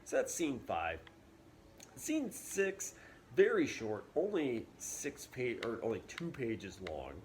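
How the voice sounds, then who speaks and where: A male teacher explaining a play in a relaxed, chatty way, with plenty of fillers. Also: medium pitch, slow pace, slight background noise. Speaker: English teacher. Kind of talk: casual classroom video lesson.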